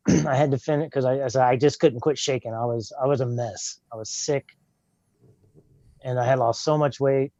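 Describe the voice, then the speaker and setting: A man's voice: medium pitch, fairly even intonation, moderate pace, mellow, no room sound, lo-fi sound. An older man tells his own life story in plain, earnest words, often acting out what he said back then. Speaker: guest telling his testimony. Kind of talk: personal testimony, casual storytelling.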